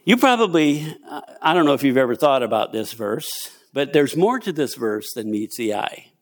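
Animated older man preaching a sermon. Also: medium pitch, normal speed. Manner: animated storytelling preacher, acts out quotes.

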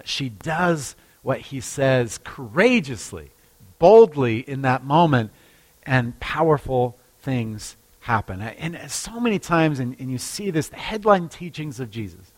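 A male pastor preaching a sermon, telling a story in a lively way with frequent restarts. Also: mid-range voice.

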